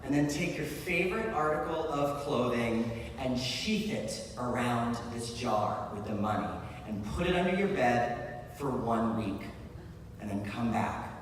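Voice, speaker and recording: A man voicing a quiet, matter-of-fact fortune-teller woman. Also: mid-range voice, measured pace, distant mic, a little hiss or hum, close to an everyday voice. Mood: coaxing. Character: calm female fortune-teller offering a cure. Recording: echoey hall, heard from afar.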